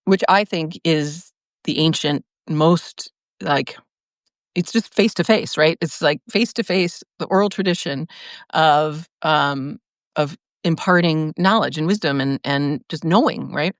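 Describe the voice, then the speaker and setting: This podcast host speaks in a low, slightly slow voice, recorded dry. Chatting on a casual livestream, she drifts from thought to thought, often restarting, using lots of fillers and laughing frequently.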